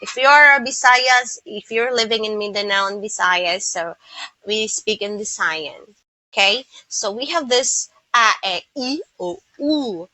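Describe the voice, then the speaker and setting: Slow, bright Filipino woman teaching. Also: mid-range voice, dry recording, poor audio. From Philippines. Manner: slow, repeats words to model pronunciation. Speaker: English teacher. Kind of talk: pronunciation lesson.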